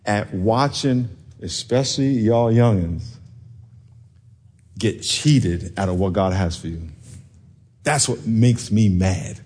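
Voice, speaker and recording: A man preaching a sermon as pastor, moving from quiet talk up to loud yelling, with laughs between lines. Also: medium pitch.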